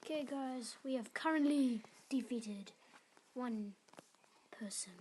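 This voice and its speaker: A woman's voice: a little high, slow, darkish tone, a little hiss or hum. A woman hosting a casual mobile gameplay video, chatting and often dropping into muttered whispers as she cheers on and scolds her game units. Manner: chatty, drops into muttered whispers while playing. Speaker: gaming channel host.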